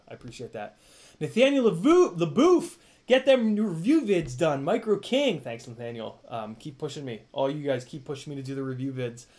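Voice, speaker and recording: A man's voice: medium pitch, a little mellow. A young man hosting a casual live stream, rambling with lots of fillers and restarts, swearing now and then while thanking viewers. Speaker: live-stream host reading donations.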